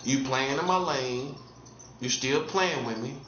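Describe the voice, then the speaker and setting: A man's voice: a little slow, a bit bright, a little hiss or hum. Taunting preacher man, roomy lo-fi sound. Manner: taunting, repetitive, swings from mocking highs to low earnest tones. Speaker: street preacher. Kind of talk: provocative monologue. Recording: roomy dull lo-fi recording with faint ambience.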